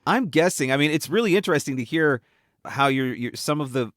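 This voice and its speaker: A man's voice: a little high, lively intonation, fairly quick, a bit bright, no echo, clean studio sound. A man hosting an interview podcast, thinking aloud as he asks his questions. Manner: conversational, thinks aloud while asking questions. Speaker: podcast host. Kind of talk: casual interview chat.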